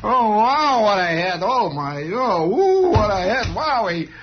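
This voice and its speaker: A man voicing a jolly drunk middle-aged man who whoops loudly and slurs, on a dull lo-fi recording. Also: high voice, big pitch swings, a little slow, faint music behind, voice pushed up. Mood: drunk, whooping. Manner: loud, slurring, whooping.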